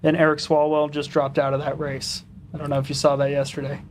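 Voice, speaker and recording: Higher-voiced guy, flat monotone, earnest candidate stumbling over words, faint noise. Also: brisk. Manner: earnest, stammers and restarts. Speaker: political candidate guest. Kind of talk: casual interview talk.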